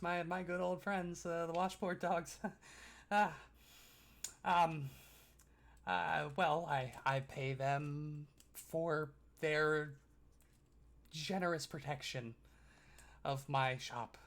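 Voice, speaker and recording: A man's voice: a little high, gravelly, fairly bright tone, exaggerated voice. A man voicing a nervous, sweaty, balding older shopkeeper who stammers and apologizes over and over.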